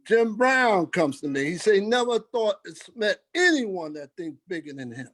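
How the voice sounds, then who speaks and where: An older man with a high voice tells his stories with emphasis and acts out the lines of the people in them. He speaks as a guest on a podcast interview. The recording is close and dry. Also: very animated, moderate pace, a bit bright, dry recording. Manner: emphatic, acts out quoted dialogue. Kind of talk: storytelling interview.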